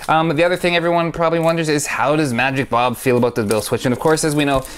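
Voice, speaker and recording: A magician talks casually to camera about a trick of his that he likes, rambling enthusiastically, stopping and starting, and correcting himself along the way. His voice is a little high with fairly even intonation, delivered at a quick pace in a clean tone.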